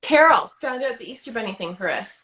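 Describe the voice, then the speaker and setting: A woman's voice: a little high, animated, fast talker, fairly bright tone. Giggly easygoing woman co-host. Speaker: podcast co-host. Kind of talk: casual chat.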